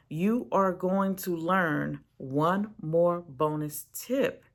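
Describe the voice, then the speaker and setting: A Christian business owner and writer giving a motivational video lesson to camera, animated, laughing often and repeating words as sentences start. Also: medium pitch, gravelly. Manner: asks the viewer "right?" and "okay?" often.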